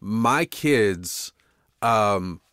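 Low-voiced man co-hosting a podcast. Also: animated, extremely slow, fairly bright tone, clean tone, no room sound, studio quality. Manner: thoughtful, laughs often, restarts. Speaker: podcast co-host. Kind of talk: casual conversation.

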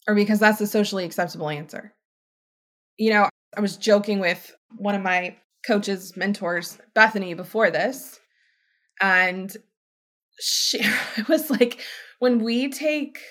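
Emphatic woman hosting a podcast. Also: a bit bright. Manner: chatty, emphatic, acts out quoted voices with big pitch jumps. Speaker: podcast host; healthcare provider. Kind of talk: casual podcast monologue.

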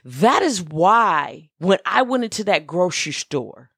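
A woman's voice: deep voice, lively intonation, moderate pace, vocal fry, few pauses, fairly bright tone, slightly rough, dry recording, studio quality. A woman who is a minister, hosting a motivational podcast and speaking emphatically, repeating key phrases and giving direct instructions to listeners.

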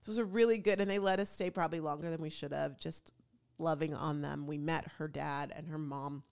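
A woman with a lowish voice and a lot of vocal fry chats casually as a show host. She tells a personal story with chatty, animated energy. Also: fairly quick. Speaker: podcast host. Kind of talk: casual chat.

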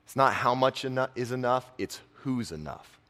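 A young man giving a casual, conversational sermon, dropping his voice soft on key lines. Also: medium pitch, expressive, normal speed. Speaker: preacher and football coach.

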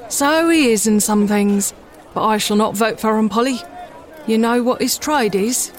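A principled cab driver and father from a classic storybook, steady and grave as he talks of conscience. A woman reading aloud gives him her own even voice. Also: fairly high pitch, a little slow, some chatter behind, lightly acted. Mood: firm. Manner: steady, serious, moralizing.

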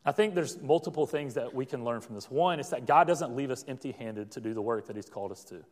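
A man's voice: mid-range voice, fast talker, long reverb tail. A young man preaching a sermon, telling a childhood story with plenty of fillers and restarts. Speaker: pastor.

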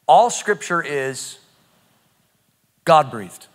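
A man preaching a sermon, emphatic and animated, often repeating phrases as he teaches. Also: on the high side, drawn-out words. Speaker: pastor.

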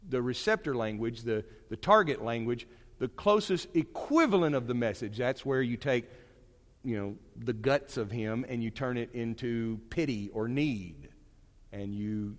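A man teaching a Bible class in a casual, conversational way. He is animated and digressive, with frequent asides and restarts. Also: mid-range voice, a little slow, in a large hall.

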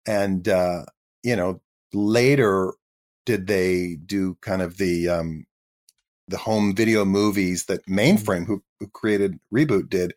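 A man in his fifties with a fairly low voice tells stories from his acting career as an interview guest. He is chatty and self-deprecating, often slipping into quick voices as he quotes people. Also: a little mellow. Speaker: guest actor. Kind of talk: casual interview storytelling.

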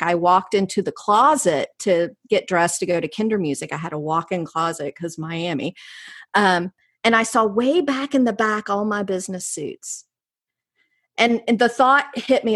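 Southern nc lady, middle aged, chatty, does little voices for people she quotes. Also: medium pitch. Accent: North Carolina Southern US. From North Carolina, USA. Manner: animated, jumps into voices when quoting people. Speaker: guest. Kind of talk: casual storytelling interview.

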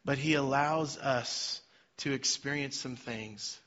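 A middle-aged man, a pastor, preaching a sermon that moves from quiet personal stories to loud, emphatic calls to the congregation. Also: mid-range voice, slow. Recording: slightly dull sound with faint music behind.

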